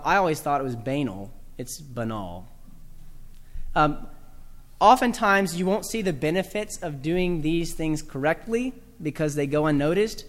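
A man's voice: on the high side, in a large hall. A man from the American South giving a talk to a live audience about teaching children proper speech, with dry humor and spoken examples.

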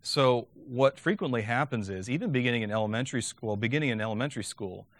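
A man's voice: mid-range voice, a bit bright, dry recording. A man giving a lecture on teaching Latin, talking conversationally and often checking in with "okay?".

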